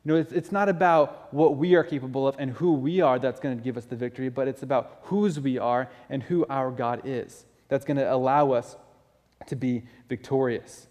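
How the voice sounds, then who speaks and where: The recording is muffled and heavy with long large-hall reverb as a pastor preaches. His mid-range voice is a little mellow and moves at a moderate pace, earnest and conversational, with phrases he often restarts.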